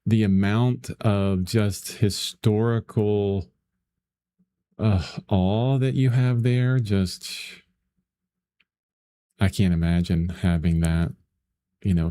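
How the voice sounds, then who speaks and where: A middle-aged man talks viewers through a painting demo in an easygoing, rambling way, laughing often between his thoughts. His voice sits low and sounds mellow and warm. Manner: rambling and chatty, laughs often, lots of fillers. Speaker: painting instructor. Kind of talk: casual livestream painting lesson, chatting with viewers.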